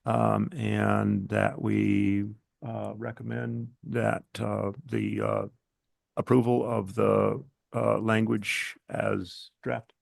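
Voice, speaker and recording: A man on a planning commission making a motion, halting with many fillers. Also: fairly low pitch, flat delivery, creaky, dry recording, studio quality. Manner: halting, full of "uh"s.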